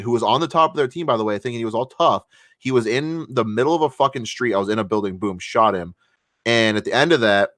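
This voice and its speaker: A man's voice: on the low side, a bit bright, no echo, clean studio sound. A man co-hosting a podcast, telling a story casually with lots of fillers and swearing. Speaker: podcast co-host. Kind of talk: casual chat.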